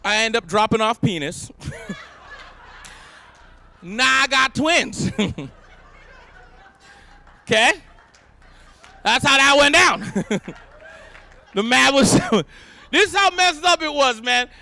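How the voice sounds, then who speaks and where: A man performing a stand-up comedy set, telling animated stories and shouting his punchlines. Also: very high-pitched, slow, creaky, pauses often. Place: live event stage.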